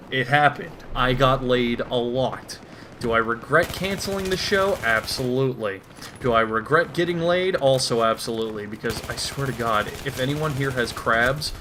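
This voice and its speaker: A man giving a deadpan, absurd comedic monologue, swearing and rambling as he comments over a game. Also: medium pitch, a little hiss or hum. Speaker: gaming commentator. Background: faint gunfire from a shooter game.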